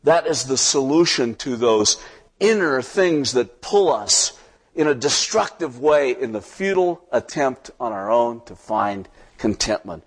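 A man's voice: medium pitch, expressive, unhurried, husky. A male pastor preaching a sermon, reading scripture aloud and building to impassioned emphasis.

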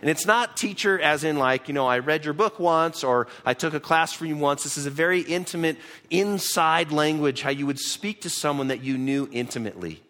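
A man's voice: fairly high pitch, brisk, bright, forceful tone. A man, a pastor, teaching through a Bible passage in a conversational sermon, often repeating words as he restarts. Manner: conversational, repeats words when restarting, reads scripture aloud.

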